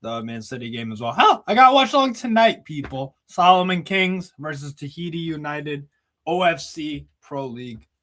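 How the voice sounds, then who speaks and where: Chill guy wrapping up a football stream, bright kinda sharp voice, easygoing. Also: on the high side, sing-song, normal speed. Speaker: host. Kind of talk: casual streamed football chat.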